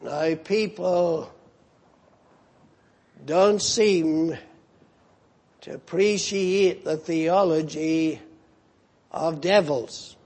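A man preaching a sermon, deliberate and pausing with fillers, posing rhetorical questions to his listeners. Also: on the high side, darkish tone.

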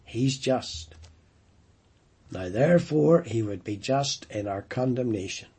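A man's voice: mid-range voice, lively intonation, takes it slowly, dark tone, breathy edge. A man preaching a sermon, emphatic, repeating and stressing key phrases.

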